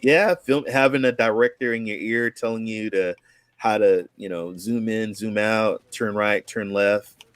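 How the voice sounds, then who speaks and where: A man's voice: on the low side, steady tone, a little slow, smooth, no echo. A man in his forties, from Oakland, telling his life story in a rambling, casual way with many restarts and acted-out quotes. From Oakland, California. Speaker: guest, content creator.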